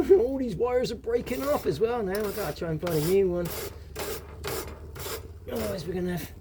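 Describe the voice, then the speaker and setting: Over a noisy background, a male vlogger with a West Country English accent chats to camera as he cooks on an outdoor fire, meandering through wry asides and muttering to himself. His voice sits high and moves at normal speed.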